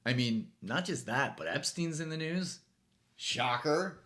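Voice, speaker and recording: Lively, jokey man hosting a comedy monologue. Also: a little high, measured pace. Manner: rambling, jokey, self-mocking. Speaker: host. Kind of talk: late-night comedy monologue. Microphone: phone.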